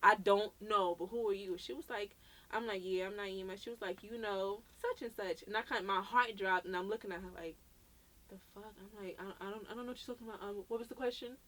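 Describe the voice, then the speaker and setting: Her voice is mid-range and a little fast. A Brooklyn woman co-hosting a podcast, she spins a story in easygoing chat, acting out quoted lines with animation and swearing freely.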